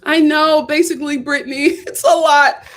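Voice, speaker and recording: Woman from Philly, live-stream host, casual and animated, quick to laugh. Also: sits high. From Philadelphia. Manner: chatty, animated, repeats herself, laughs often.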